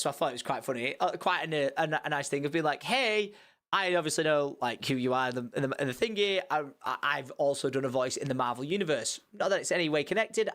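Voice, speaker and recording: A young man telling a story on a live stream, animated and rambling, with swearing and many restarts. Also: on the high side.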